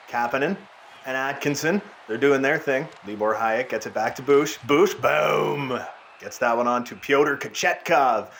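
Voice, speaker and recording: A young man giving casual, excited play-by-play commentary over a hockey video game, his voice sounding worn out. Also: medium pitch, a little hiss or hum. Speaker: gaming YouTuber. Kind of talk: gameplay commentary.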